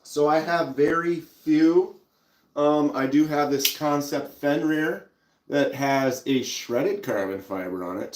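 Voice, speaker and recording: A man's voice: mid-range voice, echoey room, noisy background. A man with a Minnesotan accent, hosting a casual live stream and chatting easily while showing pocket knives. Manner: relaxed, chatty, reads out viewer comments.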